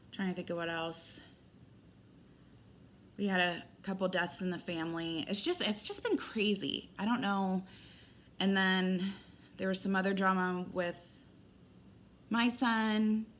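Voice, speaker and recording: A middle-aged woman talks straight to her audience in a loose, rambling personal update. Her voice sits a little low, and she slips into lively retellings of conversations as she goes. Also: a little hiss or hum. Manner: rambling, candid, animated retelling with quoted dialogue. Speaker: vlogger.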